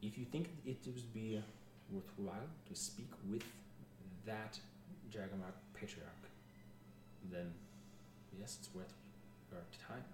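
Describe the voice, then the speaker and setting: A man doing a prim old spirit advisor with a French accent, formal and apologetic, his voice low and unhurried. The recording is echoey with steady background noise. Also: recorded from a distance. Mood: measured. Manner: slow, measured and formal. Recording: echoey room, noisy background.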